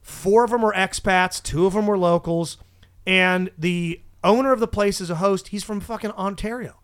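A man hosting a podcast, telling a profane, animated story in casual chat and laughing mid-story. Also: sits high, normal speed, smooth. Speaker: podcast host and stand-up comedian.

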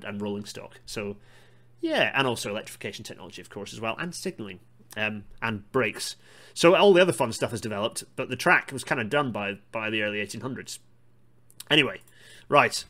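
A man's voice: fairly low pitch, bright, forceful tone. Rambling enthusiastic male podcast host. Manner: digressive, myth-busting, enthusiastic asides. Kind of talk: casual solo monologue on railway history.

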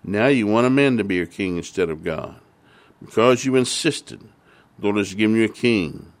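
A man's voice: fairly low pitch, lively intonation, moderate pace. A man preaching a sermon, retelling a Bible story and then pressing its lesson with earnest, repeated emphasis. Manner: earnest, repetitive emphasis, rising to fervent.

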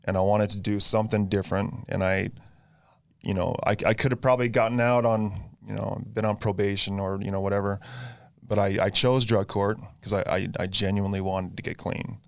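Low-voiced man speaking haltingly. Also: fairly even intonation, vocal fry, no echo, studio quality. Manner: halting, many restarts, earnest. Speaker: guest sharing recovery story. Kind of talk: casual conversation.

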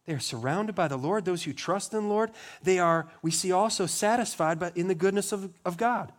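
Male pastor, slightly high voice, sermon delivery with rhetorical questions and hushed solemn drops. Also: a little fast. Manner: rhetorical questions, rising emphasis on key words; drops to a low, quiet voice on solemn lines.

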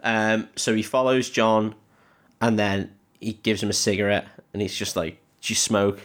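A man's voice: on the low side, flat delivery, normal speed. A young man co-hosting a podcast, animatedly retelling a film and acting out its lines. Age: young adult. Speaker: podcast co-host. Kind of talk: casual film-recap chat.

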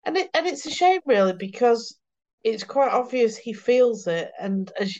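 A woman's voice: on the high side, big pitch swings, moderate pace, a little mellow. A woman on a book-club podcast, sharing thoughts and ending on tag questions. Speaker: podcast co-host. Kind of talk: casual book-club chat. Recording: dull lo-fi sound.

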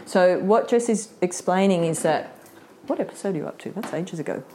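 A woman's voice: lowish voice, lively intonation, fairly quick, warm tone, a little hiss or hum. A middle-aged woman presenting a live workshop, chatty, laughing often and acting out what people say.

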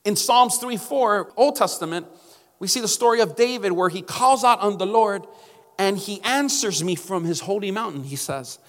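A man's voice: high voice, normal speed, fairly bright tone, big-room sound. A male pastor preaching a sermon emphatically, calling out to his congregation.

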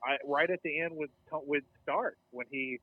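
A man's voice: on the high side, normal speed, husky, dry recording, narrow, tinny audio. A man co-hosting a casual podcast chat, swearing freely and getting worked up as he talks. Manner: excitable, profane, gets worked up. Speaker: podcast co-host.

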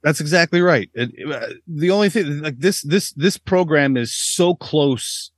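Man, podcast co-host, crude animated storytelling, fairly high voice, dry sound. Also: a little slow, no room sound. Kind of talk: casual comedic chat.

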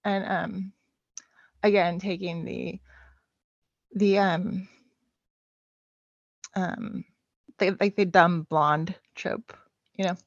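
Slow, halting woman in casual chat. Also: on the low side, fairly even intonation, vocal fry, no echo. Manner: hesitant, many filler sounds. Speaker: podcast guest. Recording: dull lo-fi dry sound.

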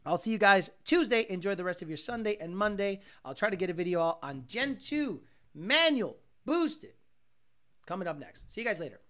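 A man hosting a casual livestream chat, rambling and swearing, breaking into loud mimicked sounds. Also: high voice, lively intonation, normal speed. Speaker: livestream host.

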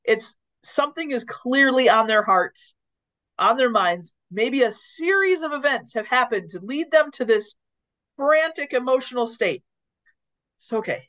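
A woman's voice: a little high, unhurried. A woman co-hosting a casual podcast conversation on leadership, telling stories and acting out what people said. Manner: animated storyteller who acts out quoted lines. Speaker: podcast co-host. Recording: dull lo-fi audio.

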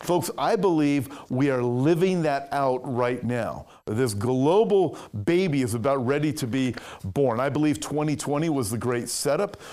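A man's voice: medium pitch, lively intonation, a little slow, few pauses, darkish tone. A man preaching an emphatic prophecy sermon as a pastor, reading news quotes aloud and commenting on them. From California.

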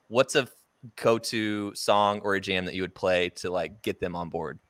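A man's voice: fairly low pitch, fairly even intonation, a little slow, fairly bright tone, no room sound. A young man hosting a podcast, telling stories in a loose, slangy way and laughing often. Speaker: podcast host. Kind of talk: casual chat.

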